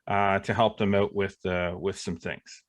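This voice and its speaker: A man's voice: low voice, little pitch movement, a little slow. Chatty rambling male podcast co-host. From Eastern Ontario, Canada. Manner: rambling, lots of fillers, upbeat. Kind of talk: casual golf podcast chat.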